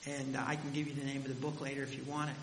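A man's voice: medium pitch, flat delivery, very fast. A man preaching a sermon, telling the story dramatically, his voice rising and dropping with the scene. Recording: echoey hall with faint hiss.

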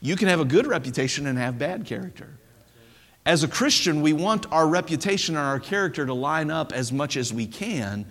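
A man preaching a sermon as pastor, animated and conversational, often stumbling over restarts as he talks. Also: a little high, a little fast, in a large hall. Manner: animated preaching with stammered restarts and playful impressions.

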